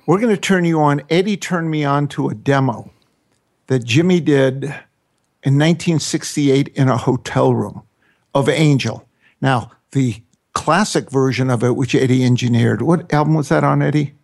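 A man's voice: mid-range voice, normal speed, gravelly, darkish tone. A man on a radio interview talking about his record with effusive enthusiasm. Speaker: record producer guest.

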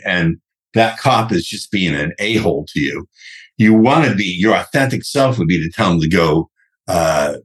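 In a podcast interview, a sales trainer with a deep, husky voice talks bluntly and brashly, swearing freely.

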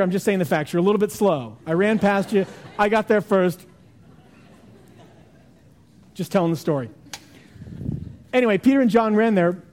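A man delivers a sermon in a high, mellow voice. He retells the story with animated, acted-out lines, then falls quiet for reflective asides. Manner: animated storytelling with acted-out voices, jumps between loud and hushed. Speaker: pastor.

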